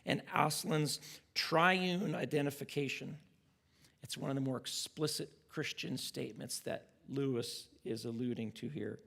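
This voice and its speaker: A man's voice: medium pitch, unhurried, gravelly, fairly bright tone. A pastor teaching a church class, earnest and reflective as he retells a story and draws lessons from it.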